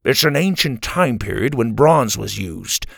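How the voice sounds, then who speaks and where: A man's voice: medium pitch, lively intonation, measured pace, vocal fry, fairly bright tone, breathy edge, dry recording, heavily acted. A man voicing a wry, dry-humored grandfather in a children's story.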